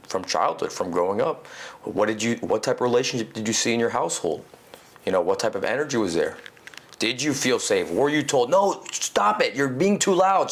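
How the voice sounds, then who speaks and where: Animated low-voiced man, podcast guest. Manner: animated, acts out quoted inner voices; heavy use of "you know", swears casually. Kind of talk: casual podcast conversation.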